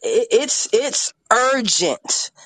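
Impassioned podcast guest, artist-activist, furious and blunt, dry close mic, mid pitch. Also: big pitch swings, drawn-out words, pushed and bright, no echo. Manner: angry, emphatic, swears often.

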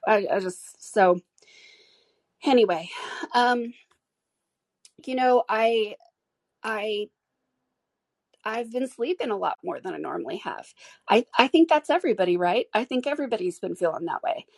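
A woman's voice: fairly high pitch, animated, moderate pace, gravelly, pauses often, no room sound. A woman hosting a solo podcast, speaking candidly and emotionally with frequent restarts. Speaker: podcast host.

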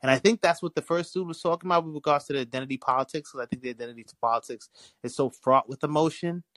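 A young man calling in to a podcast, talking casually in a rambling way, with frequent restarts and animated storytelling. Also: a little high, rapid-fire, no echo, poor audio. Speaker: caller. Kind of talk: casual call-in chat.

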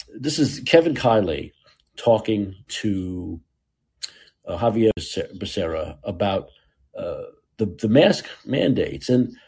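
Male podcast host, sarcastic, ranting, animated pitch, husky dark voice. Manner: laughs often. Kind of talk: political commentary.

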